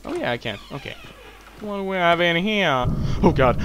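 Shrieking, high-voiced young gamer man. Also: moderate pace, background noise. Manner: excitable, shrieking and swearing in fright. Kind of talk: let's play commentary. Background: game music.

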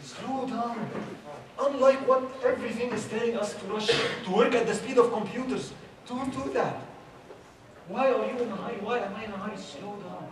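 A man's voice: sits high, moderate pace. Man preaching in an echoey hall. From Egypt. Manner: conversational, asks many rhetorical questions. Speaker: youth speaker. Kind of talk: informal religious talk. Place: large hall at a religious youth event. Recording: echoey hall, far from mic, background noise.

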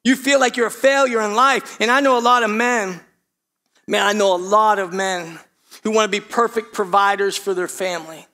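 A man's voice: high-pitched, fairly even intonation, normal speed, sharp tone. A man preaching a sermon as a pastor, often asking the congregation questions and repeating phrases for emphasis. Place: church sanctuary.

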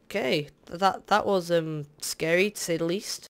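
A man's voice: sits high, unhurried, few pauses, clean tone. A young man doing casual, rambling gameplay commentary as a Let's Play host. He is tired, fills the talk with "um"s, and drifts into candid asides. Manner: rambling and hesitant, full of fillers, candid asides. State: tired, yawning.

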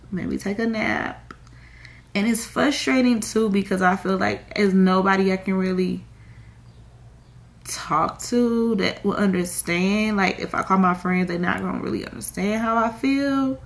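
A woman's voice: medium pitch, unhurried. A young woman, crying and rambling in a confessional vlog with many fillers. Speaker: vlogger.

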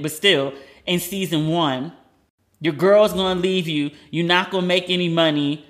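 A woman hosting a podcast, giving a blunt, animated recap of a TV episode in casual chat and swearing freely. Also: lowish voice. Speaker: podcast host.

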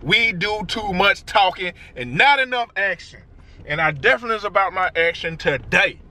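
A man, vlogging from his truck at a car lot, excited and rambling, swearing freely. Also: sits high, moderate pace. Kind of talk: casual vlog talk to camera.

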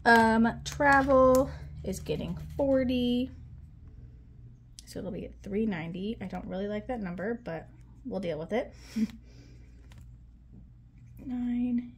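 A woman talking casually to viewers while she counts money out loud, chatty and with frequent ums. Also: on the high side, slow, pauses often, slight background noise. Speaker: budgeting vlogger.

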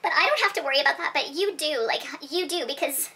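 A woman's voice: high voice, lively intonation, fast, pushed and bright, voice pushed up. A woman voicing a gushing, over-the-top female perfume reviewer, dramatic and rambling with restarts.

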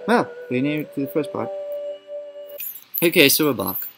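A man's voice: fairly high pitch, lively intonation, normal speed, gravelly, over music, low-quality recording. A man watching a friend play a game, teasing him and laughing often in casual chat.

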